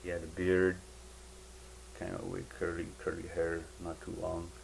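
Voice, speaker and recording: A man giving a personal spiritual testimony in a halting, rambling way, full of fillers and restarts. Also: deep voice, monotone, vocal fry, slight background noise, low-quality recording.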